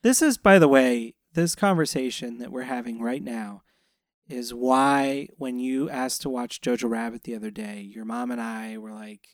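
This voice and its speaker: A man's voice: mid-range voice, moderate pace, no echo, clean studio sound. Reflective middle-aged man from the South. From Florida Panhandle, US South. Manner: thoughtful, rambling with restarts. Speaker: co-host, parent. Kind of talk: casual film discussion.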